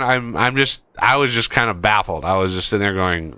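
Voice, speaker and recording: A man's voice: medium pitch, normal speed, hardly any pauses, sharp tone, smooth, no echo. A man hosting a gaming channel, chatting casually while he plays and telling a rambling story full of restarts. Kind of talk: casual chat while playing a game.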